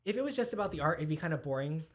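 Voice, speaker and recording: A man who is a tattoo artist guest, telling stories in a rambling, animated way full of fillers. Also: a little high, rapid-fire. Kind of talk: casual podcast chat.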